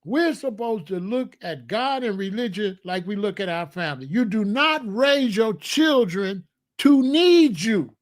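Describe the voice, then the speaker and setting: Man on a comedy rant, high-pitched voice, preachy, repeats himself, rhetorical questions. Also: lively intonation, a little slow. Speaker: comedian host.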